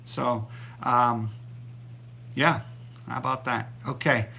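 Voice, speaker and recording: A man's voice: mid-range voice, steady tone, slow pace, vocal fry, sharp tone, a little hiss or hum. A middle-aged man hosting a casual live stream about the keto diet, rambling along with many ums and restarts. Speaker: keto diet channel host.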